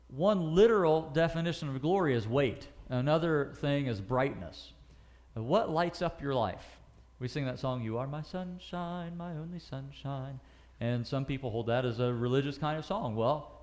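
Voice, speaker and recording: A man teaching a Bible passage verse by verse, reading scripture slowly and asking his listeners questions, with frequent fillers and self-corrections. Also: on the high side, darkish tone.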